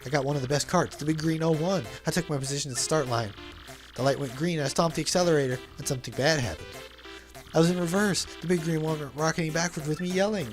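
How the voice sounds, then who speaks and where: A man's voice: fairly high pitch, quick pace, music in the background, close to an everyday voice. A man voicing a laid-back young man telling a long adventure story in casual slang for a video game dub. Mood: storytelling. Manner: casual slangy storytelling, says bro a lot.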